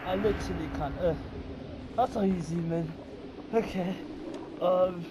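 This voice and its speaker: Guy freaking out over a horror game, high voice, yelps and swears at the viewers. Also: unhurried, dull audio. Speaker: gamer. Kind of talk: horror game let's play commentary. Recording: loud game noise behind the voice.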